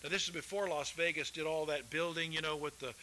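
A man preaching a sermon, rising loud for quotations and dropping low and quiet for folksy asides. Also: fairly even intonation, fast talker, a little hiss or hum, rough recording. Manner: folksy, addresses listeners as folks. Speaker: pastor.

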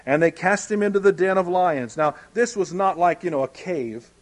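High-voiced man preaching a folksy sermon. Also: expressive, normal speed. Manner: folksy, conversational Bible exposition.

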